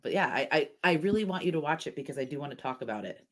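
A woman co-hosting a casual podcast chat, telling stories with lively acted-out quotes and frequent laughter. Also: sits low, very fast. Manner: animated storytelling, acts out quotes, laughs often. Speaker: podcast co-host.

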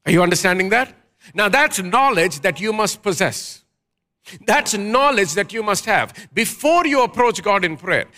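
A man's voice: extremely high pitch, pushed and bright. A man preaching a sermon as pastor, emphatic, asking the congregation questions and leading call-and-response.

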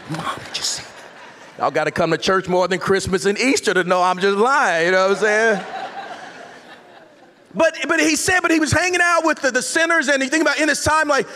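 A man delivers a loose, conversational sermon full of slang and playful asides, often restarting his sentences. His voice sits very high and bright. It rings out with a long reverb across a large church auditorium. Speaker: pastor. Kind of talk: casual, joking sermon. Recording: long hall reverb from the sanctuary.

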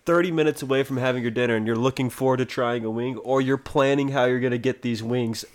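A man's voice: medium pitch, steady tone, quick pace. A man guesting on a casual podcast, talking boisterously, defending himself and issuing bold challenges. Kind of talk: casual chat.

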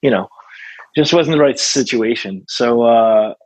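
A man's voice: medium pitch, measured pace, breathy edge, rough recording. A male songwriter as a guest in a casual interview, rambling with many fillers and restarts.

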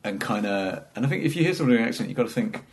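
A man's voice: medium pitch, animated, racing, a little hiss or hum. A man, a stand-up comedian chatting casually, rambling, cutting himself off mid-sentence and laughing through his stories. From England. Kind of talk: casual chat.

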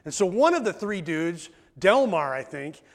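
A male pastor with a fairly high voice preaches to his congregation in a loose, conversational way. He often stumbles over and repeats his first words before getting a sentence going. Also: sing-song, moderate pace. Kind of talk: sermon. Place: church.

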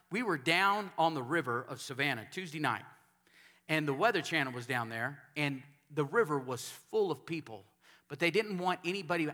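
A man from Texas, a pastor preaching a sermon in a church sanctuary, telling stories and building up to shouted calls for amens. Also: fairly high pitch.

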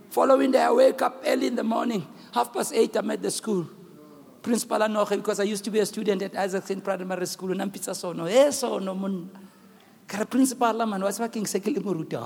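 A pastor with a high, steady, brisk voice and some vocal fry preaches loudly, telling a story and calling out to his congregation while mixing English with local languages. The recording comes from a reverberant hall with faint room noise.

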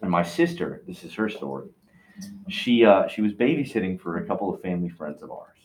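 A man on a podcast telling a spooky story in a casual, excitable way, with lots of fillers and restarts. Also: low voice, fairly quick. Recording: roomy echo.

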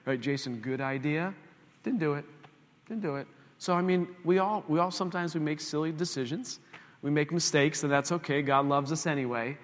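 A man preaching in a loose, story-driven way, laughing at his own mishaps and turning to the congregation for agreement. His voice sits a bit high for a man. The sound carries a long reverb from a large hall. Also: moderate pace. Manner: animated, self-mocking anecdote with direct asides to the congregation. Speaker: pastor. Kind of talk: conversational sermon storytelling.

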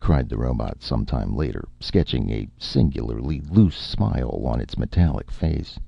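A man narrating an audiobook story in a steady, measured storytelling voice. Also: extremely low pitch, gravelly, husky, dry recording, muffled recording. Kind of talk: scripted narration.

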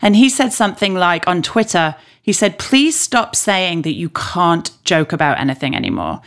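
A woman with a somewhat low voice co-hosting a podcast. She chats casually, thinks aloud and restarts her sentences as she works through a point. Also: animated, moderate pace, fairly bright tone. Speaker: podcast co-host.

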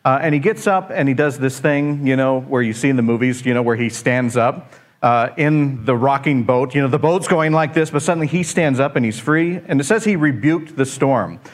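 This man preaches a rambling, animated sermon packed with humorous stories that poke fun at himself, often restarting his sentences. He speaks at a medium pitch and a moderate pace.

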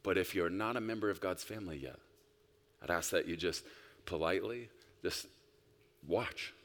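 Deep-voiced man preaching in a big hall. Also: fairly quick. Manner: emphatic, rising to loud bursts then dropping soft. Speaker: pastor. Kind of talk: sermon. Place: church sanctuary. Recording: long reverb of a large hall.

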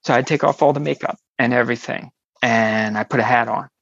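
A woman, an interview guest, telling a personal story in an animated way and acting out the people she quotes. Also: very deep voice, brisk, vocal fry, no echo, lo-fi sound.

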